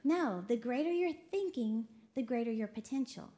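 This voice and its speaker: A woman from Texas preaching a lively sermon, laughing often and quoting voices as she talks. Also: a little high, moderate pace. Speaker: preacher co-hosting a broadcast. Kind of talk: sermon to a women's audience.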